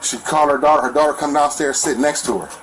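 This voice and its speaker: Rambling, agitated man on body cam. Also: a little high. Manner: fast, rambling, animated, repeats "you know what I'm saying". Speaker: complainant talking to police. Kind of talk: agitated retelling of a fight. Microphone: police body camera. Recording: noisy body cam audio with vehicle sounds.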